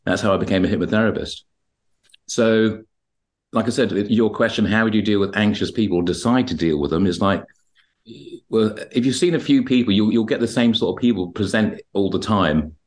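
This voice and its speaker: A man's voice: on the low side, brisk. A man, a hypnotherapist, telling stories about his clients on a podcast and acting out the dialogue as he goes. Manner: rambling, acts out dialogue when retelling sessions. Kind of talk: podcast interview, anecdotal storytelling.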